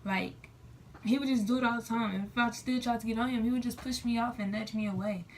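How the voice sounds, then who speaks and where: Young woman rambling thru a storytime, higher voice, bit off mic w faint hiss. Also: fairly even intonation, quick pace, recorded from a distance. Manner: chatty, lots of "like", quoting herself and others. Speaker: storytime vlogger. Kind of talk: casual storytelling to camera.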